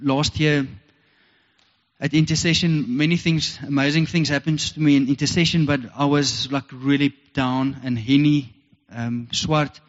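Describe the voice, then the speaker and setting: A man's voice: fairly high pitch, steady tone, measured pace. A South African man preaching a sermon as pastor, earnest and heartfelt, repeating his points. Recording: dull lo-fi recording with long reverb.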